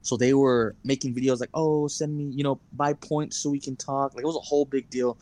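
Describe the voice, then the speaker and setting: A man's voice: mid-range voice, steady tone, brisk, darkish tone. Young male podcast co-host, casual storyteller, heavy cursing. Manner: rambling storyteller, heavy swearing and fillers. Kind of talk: casual chat.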